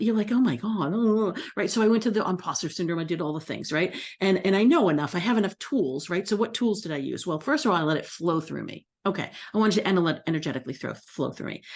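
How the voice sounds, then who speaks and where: Woman, middle-aged, slightly low pitch, casual coaching talk, chatty self-talk. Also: a little mellow. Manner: chatty, self-talk, quotes her own inner voice. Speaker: astrology coach.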